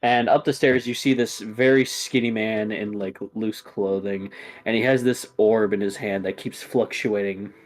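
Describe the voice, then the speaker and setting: A man's voice: lowish voice, fairly even intonation. A man narrating a tabletop game as game master, talking casually with fillers. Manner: casual, halting, with fillers and restarts.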